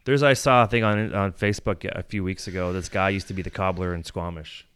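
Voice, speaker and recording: A man's voice: deep voice, steady tone, brisk, fairly bright tone, clean tone. A man hosting a casual podcast chat, joking loosely, swearing and laughing often into a close mic. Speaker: podcast host.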